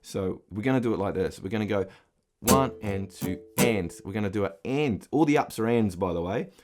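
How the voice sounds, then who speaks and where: A man's voice: fairly low pitch, fast talker. A middle-aged man giving a guitar lesson, patiently explaining and counting the beats aloud as he strums. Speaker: guitar teacher. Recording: loud guitar strumming under the voice. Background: acoustic guitar being strummed.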